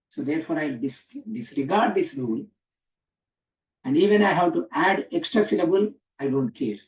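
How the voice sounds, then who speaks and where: In an echoey room, a scripture teacher with a somewhat high, slightly mellow voice teaches Sanskrit grammar from a distance from the mic. He explains step by step and quizzes the students, often saying "uh" and "huh?"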